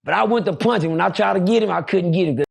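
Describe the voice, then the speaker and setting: A middle-aged man telling stories in a casual interview. He is animated and keeps switching into the voices of people from his stories. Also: high voice, quick pace, vocal fry, husky. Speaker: guest.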